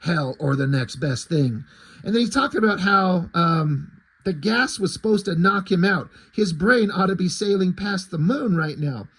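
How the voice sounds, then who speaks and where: A man's voice: high voice, moderate pace, fairly bright tone, husky, poor audio. A man reviewing a comic book in casual commentary, sarcastic and profane, with frequent asides.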